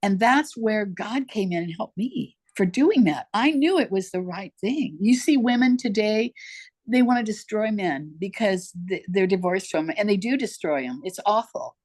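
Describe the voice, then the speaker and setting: A woman's voice: medium pitch, expressive, normal speed, darkish tone. An older woman telling her life story as an interview guest, emphatic and heartfelt, talking straight to the host. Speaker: podcast guest.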